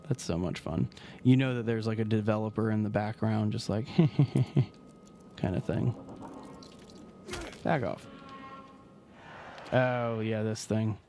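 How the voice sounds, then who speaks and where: Gravelly-voiced man chatting through a game. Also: on the low side, a little slow, pauses often, slight background noise. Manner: rambling, relaxed, trails off mid-sentence. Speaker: streamer. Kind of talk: casual gameplay commentary.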